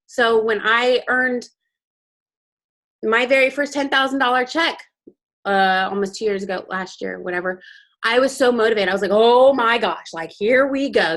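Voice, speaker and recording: A young woman with a mid-range, fairly bright voice addresses her sales team over a video call. As a motivational guest speaker, she talks candidly and emotionally in a team training session.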